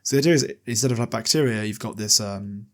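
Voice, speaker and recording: Speaking quickly in a lowish voice, a male podcast host gives a loose, conversational rundown of a book chapter, with plenty of fillers and a curse here and there.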